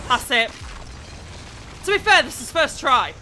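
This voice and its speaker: A man giving live gameplay commentary as a let's play gamer, sweary and excitable, yelling at the game. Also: very high-pitched, a little slow, slight background noise.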